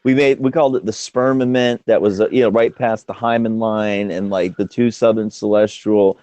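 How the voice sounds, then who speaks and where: A man's voice: fairly low pitch, fairly even intonation, moderate pace, warm tone, no room sound. A man in a casual chat, laid-back and joking crudely. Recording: dry, dull lo-fi audio.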